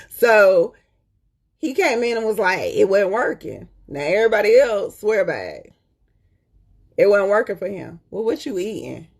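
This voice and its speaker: A woman talks in a loose, colloquial way to her viewers, calling them "y'all" and driving her points home by repeating them. Her voice sits fairly low and has a husky, breathy edge. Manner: chatty and emphatic, repeats points, checks in with "okay?". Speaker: host. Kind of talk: casual live-stream chat.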